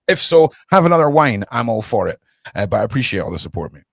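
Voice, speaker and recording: A man's voice: on the low side, very animated, fast, vocal fry, a bit bright, no echo, clean studio sound. A man hosting a casual livestream podcast from his home desk, rambling and chatting with viewers by name.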